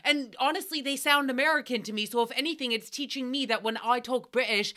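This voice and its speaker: A woman's voice: fairly high pitch, moderate pace, few pauses, bright, forceful tone. A young adult woman hosting a casual recap podcast, chatty and self-mocking, with frequent swearing. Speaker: podcast host.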